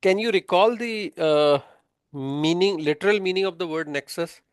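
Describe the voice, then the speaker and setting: Male tax tutor, somewhat high, resonant, lots of hesitations. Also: normal speed, clean tone, no room sound, studio quality. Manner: explains patiently, quizzing students, many fillers. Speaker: tax instructor. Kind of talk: interactive online lesson.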